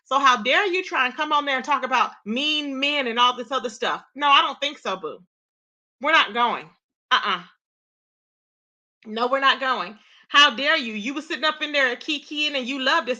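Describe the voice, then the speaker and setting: Sassy high-voiced woman streamer. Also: pushed and bright. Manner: sassy, talks straight to chat viewers. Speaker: livestream host. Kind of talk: casual live-stream commentary.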